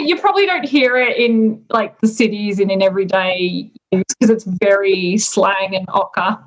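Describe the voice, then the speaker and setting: Australian woman, unhurried, slightly high voice, chatty explainer of everyday slang. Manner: relaxed and chatty, pausing with ums. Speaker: native speaker explaining slang. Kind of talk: casual explanation.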